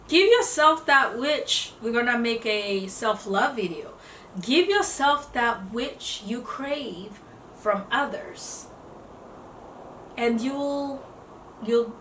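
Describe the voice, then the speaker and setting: A woman giving casual self-development advice to camera, lively, acting out what other people say and laughing often. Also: fairly high pitch, slight background noise. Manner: animated, acts out quotes in voices, laughs often. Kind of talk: casual motivational talk to camera. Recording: echoey room, voice a bit off-mic.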